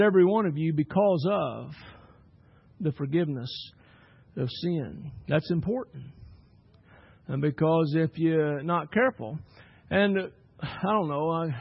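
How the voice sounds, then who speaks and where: A man preaching a sermon as pastor, swinging between loud emphatic bursts and quiet asides. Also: fairly high pitch, vocal fry, husky, dry recording, dull audio.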